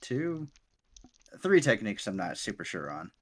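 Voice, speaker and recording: Man doing a laid-back male mentor NPC in a tabletop game, lowish voice, chatty and halting. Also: sing-song. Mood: friendly. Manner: easygoing, chatty, with halting restarts. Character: friendly male fighter teaching a secret technique. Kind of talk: tabletop role-play voicing.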